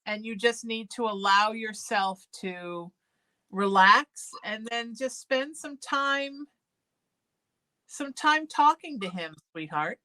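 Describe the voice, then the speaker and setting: Hosting a psychic call-in show, this woman of Irish heritage speaks slowly at a fairly high pitch. She's warm and soothing with her callers, calling each of them sweetie.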